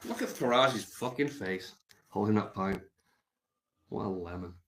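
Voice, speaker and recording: A man hosting a livestream, rambling in a deadpan, mumbling way with lots of ums. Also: fairly low pitch, unhurried. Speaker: livestream host.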